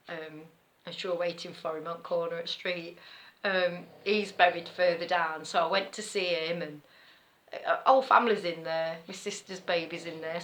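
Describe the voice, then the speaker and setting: A chatty middle-aged woman with an East Midlands accent tells a rambling story in a casual vlog. Her voice is bright and forward, and she laughs easily and backtracks as she talks. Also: lowish voice. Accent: East Midlands English. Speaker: knitting vlogger.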